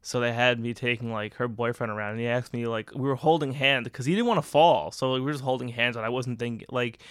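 A man's voice: mid-range voice, fast talker, clean tone, no echo. A man in a mid-range voice talking through a loose solo podcast monologue. He rambles, swears freely and laughs a lot along the way. The sound is dry and close, with no room around it. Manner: rambling, profane, laughs often. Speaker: podcast host.

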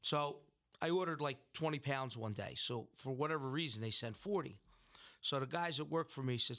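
A man's voice: mid-range voice, moderate pace, fairly bright tone. A middle-aged man, a restaurant owner telling a long story in an interview. He rambles, restarts his sentences and acts out what people said. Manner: rambling, with restarts and acted-out quotes. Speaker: restaurant owner and food entrepreneur.

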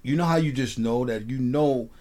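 A man hosting a casual talk show, telling a story in an animated way, swearing freely and often asking "you know what I mean". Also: mid-range voice, normal speed. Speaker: podcast host.

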